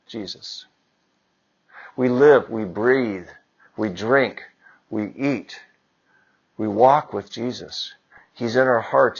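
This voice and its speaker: A priest giving a conversational homily, building to moments of emphasis. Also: male voice, mid-range voice, gravelly, muffled recording. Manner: conversational preaching with rising emphasis. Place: church.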